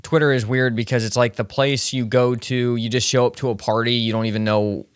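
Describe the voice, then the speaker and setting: A man's voice: medium pitch, little pitch movement, fairly quick, clean tone, no echo, studio quality. A man from Tennessee co-hosting a podcast, telling stories in a loose, conversational way. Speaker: podcast co-host. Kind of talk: casual chat.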